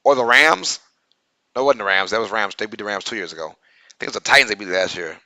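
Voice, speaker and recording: A young man from Louisiana with a Southern accent co-hosts a casual sports live stream, reading viewer comments aloud in a chatty, filler-heavy way. His lowish voice comes out fast, pushed and bright, with no room sound.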